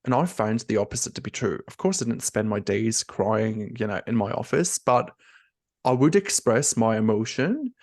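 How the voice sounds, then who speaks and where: Medium in pitch and at normal speed, this young man's voice is recorded dry with clean studio sound. As a nurse coach guesting on a candid conversational interview, he speaks openly and with emotion, constantly dropping "like" and "you know."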